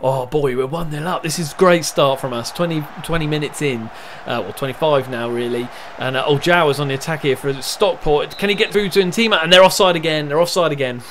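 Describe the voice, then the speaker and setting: Young guy, slightly high voice, chatty play-by-play of his football sim, faint room hum in the background. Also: a little fast, few pauses. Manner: chatty, narrates match events, erupts with excitement at goals. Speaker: gamer commentating a football management game. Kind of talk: casual live game commentary.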